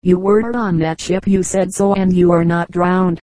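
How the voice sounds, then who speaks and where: A woman's voice: fairly low pitch, steady tone, measured pace, dark tone, dry recording, natural voice. A woman reading an eager young girl. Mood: earnest.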